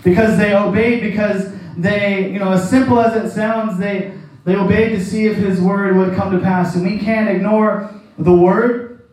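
A man's voice: sits high, fairly even intonation, normal speed, a little mellow. A man preaching a conversational sermon, folksy and chuckling often, acting out quoted voices. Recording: very echoey room, voice from far off the mic.

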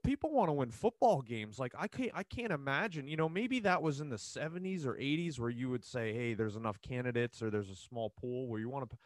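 A man hosting a casual podcast, rambling and animated with many restarts. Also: fairly high pitch, no echo. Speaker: podcast host.

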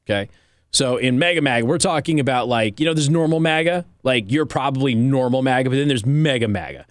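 A man hosting a satirical monologue, deadpan and mock-serious with casual fillers. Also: mid-range voice, a little fast, no echo, studio quality. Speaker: host.

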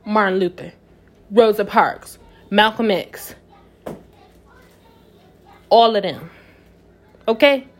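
A woman's voice: medium pitch, slow, pauses often, slight background noise. Young woman, emphatic and passionate. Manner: emphatic, swings from soft musing to loud passionate outbursts. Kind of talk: casual personal monologue.

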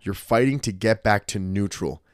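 A man's voice: on the low side, moderate pace, no echo, studio quality. Blunt, profane man on a podcast. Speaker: podcast host and martial arts school owner. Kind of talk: casual podcast chat.

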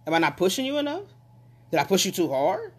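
A speaker delivers a casual motivational monologue about relationships, talking emphatically with lots of repetition and building to passionate pushes. The voice is medium-pitched with wildly swooping pitch, a quick pace and a breathy edge.

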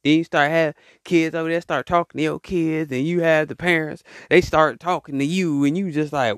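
A man's voice: a little high, steady tone, moderate pace, few pauses, no room sound, studio quality. A man hosting a podcast, talking in a casual, rambling motivational monologue and acting out the voices he quotes. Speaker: podcast host.

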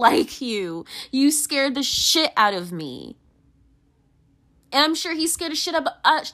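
A young woman in a candid monologue, rambling with many fillers and restarts, swearing and venting with emotion. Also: fairly bright tone. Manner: emotional, pitch swinging widely.

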